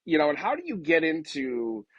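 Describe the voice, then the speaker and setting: A man's voice: on the high side, sing-song, moderate pace, no room sound, dull audio. A man in his late thirties hosting a podcast, talking loosely with lots of fillers and casual swearing. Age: late 30s. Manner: loose, rambling, with many fillers and mild swearing. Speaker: podcast host. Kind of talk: casual interview chat.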